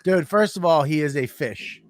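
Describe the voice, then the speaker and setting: A man's voice: fairly high pitch, lively intonation, normal speed, no echo, clean studio sound. A man co-hosting a trivia game over a video call, brash, profane and argumentative, joking and accusing others of cheating. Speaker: co-host and contestant. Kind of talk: crude joking banter.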